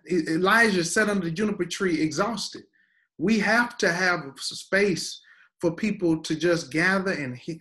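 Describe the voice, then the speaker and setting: Guest pastor, man, fairly high voice, preacher's emphatic cadence. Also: a bit bright. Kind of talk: preaching-style teaching conversation.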